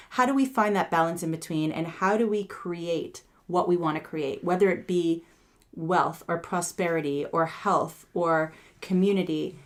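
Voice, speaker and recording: A woman co-hosting a podcast, briskly introducing the topic for discussion. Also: fairly low pitch. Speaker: podcast co-host. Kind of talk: podcast talk.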